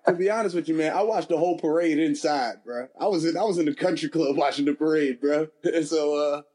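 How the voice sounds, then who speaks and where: A man co-hosting a podcast, talking in a relaxed, slangy way and laughing often. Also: fairly high pitch, fast talker. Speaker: podcast co-host. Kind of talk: casual chat.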